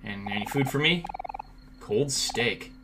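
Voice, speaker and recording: A man doing let's-play commentary, goofing around and yelping at the screen, with a steady hiss of noise under his voice. His pitch sits in a middle range for a man. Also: slow pace. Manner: joking, jumpy reactions, talks to chat. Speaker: streamer.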